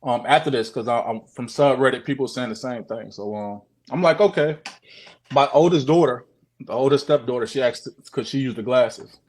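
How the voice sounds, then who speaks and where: A man's voice: medium pitch, moderate pace. A man telling his own story on a video call, casual, profane and repetitive, often acting out what people said. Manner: profane, repetitive, animated retelling. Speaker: guest sharing a sighting.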